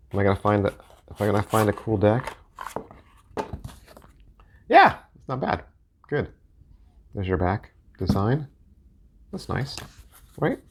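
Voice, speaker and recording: A man's voice: low-pitched, a little hiss or hum. A middle-aged man rambling casually as he reviews playing-card decks, joking and poking fun at himself. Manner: rambling, joking and self-mocking. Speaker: deck collector and video host.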